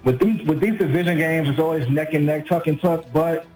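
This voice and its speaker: Glum New York caller, slightly high voice. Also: male voice, fairly even intonation, brisk, darkish tone, soft background music, rough recording. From Brooklyn, New York. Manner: glum, self-deprecating about his team. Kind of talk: call-in sports radio chat.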